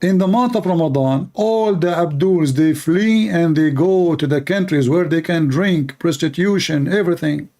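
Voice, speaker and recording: A man with a slightly high, mellow voice hosts a polemical talk in a sarcastic, mocking tone. He speaks broken English and often restarts his sentences. He talks at normal speed with hardly any pauses.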